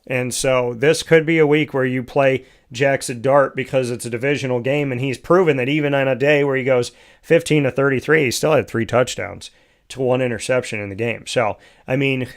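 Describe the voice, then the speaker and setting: A man hosting a solo fantasy football talk show, reading off player stats in quick lists and correcting himself as he goes. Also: medium pitch. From United States.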